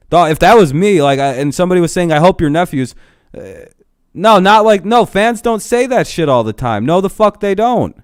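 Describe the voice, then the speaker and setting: Young dude streamer going off to chat, lots of swearing and laughing, clean smooth voice. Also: male voice, high-pitched, sing-song, normal speed, no room sound, clean studio sound. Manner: profane, heated, laughs often, talks to chat. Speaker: live streamer. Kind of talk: casual live-stream rant.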